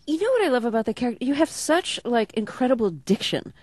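A woman interviewing a guest on the radio, curious and quick to laugh. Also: on the high side, very animated, darkish tone, no echo.

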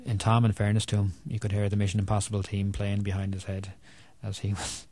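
An Irish man, a children's author, chatting in an interview, self-deprecating and quick to laugh. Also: fairly low pitch, completely flat delivery, dark tone, dry recording. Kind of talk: casual interview chat.

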